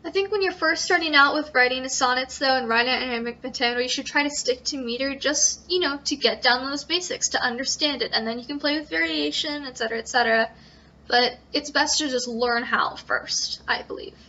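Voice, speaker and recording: A woman's voice: high-pitched, brisk, pushed and bright. A young woman explaining how to write a sonnet in an informal tutorial, hesitant, with frequent ums and self-corrections. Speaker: student presenter. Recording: dull lo-fi recording.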